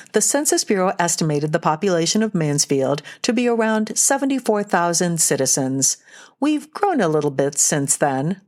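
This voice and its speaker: A woman co-hosting a local news podcast, reading a trivia question in a clear, measured way. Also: fairly low pitch, a little mellow. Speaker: podcast co-host.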